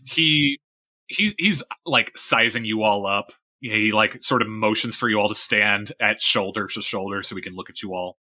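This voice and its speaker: Bright, dry-voiced man running a game. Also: fairly low pitch, no echo. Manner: relaxed, halting narration with laughs. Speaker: game master. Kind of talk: narrating a tabletop game.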